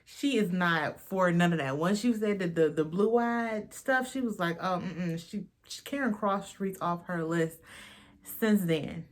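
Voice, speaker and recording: A woman's voice: lowish voice, unhurried. A young woman hosting a casual reality TV recap, blunt and slangy, swearing freely and mimicking the cast.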